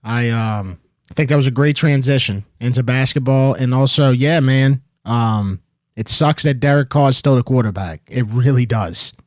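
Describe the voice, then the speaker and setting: A man hosts a call-in sports show in clean studio quality with no room sound, his medium-pitched, darkish voice at a moderate pace. He's laid-back, loose, and rambling, sprinkling his casual sports talk with lots of "um" and "dude."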